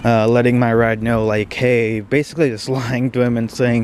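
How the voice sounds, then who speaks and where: A young man vlogging outdoors in the snow at dawn, talking quietly and hesitantly with many fillers, shivering and breathing heavily. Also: mid-range voice, flat delivery, a little fast, few pauses, slight background noise. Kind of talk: casual vlog talk to camera.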